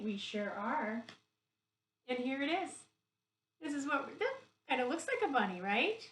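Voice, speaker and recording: A middle-aged woman, a pre-k teacher, gently guiding young children through yoga poses on video in an encouraging, sing-song way. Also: a little high, a little hiss or hum. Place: home room recorded on camera. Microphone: camera mic from a distance. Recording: echoey room, far from the mic.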